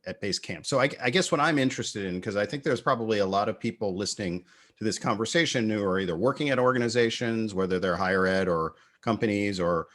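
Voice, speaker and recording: A man's voice: fairly low pitch, fast, a bit bright. A man hosting an interview, asking questions casually with many fillers and restarts. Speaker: interview host. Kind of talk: conversational interview.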